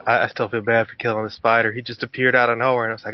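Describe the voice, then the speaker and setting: Swearing, animated man telling stories. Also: mid-range voice, very fast, few pauses. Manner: animated storyteller, swears casually, acts out quotes. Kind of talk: casual group voice chat. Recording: dull lo-fi online audio.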